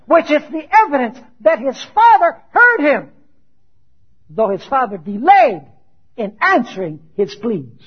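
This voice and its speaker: A man preaching a sermon who asks his listeners questions and answers them himself, growing loud on quoted scripture and dropping low for his questions. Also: huge pitch swings, unhurried, long pauses, husky. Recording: dull lo-fi sound.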